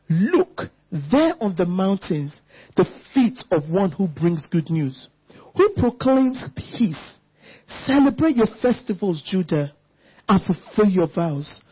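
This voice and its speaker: A woman preaching a sermon in a church setting, fervently reading scripture aloud and slowing down for the verses. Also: mid-range voice, husky, dull audio. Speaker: church speaker.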